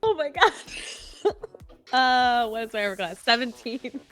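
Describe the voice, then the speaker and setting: A woman playing at a tabletop game, chatting in a giggly, quick way. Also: a little high, lively intonation, fairly bright tone, soft background music. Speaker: player. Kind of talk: casual chat at a game table.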